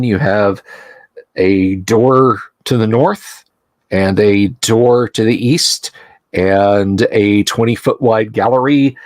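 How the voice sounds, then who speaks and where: A man narrating a tabletop game as game master, describing scenes deliberately with some restarts. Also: fairly low pitch, dry recording.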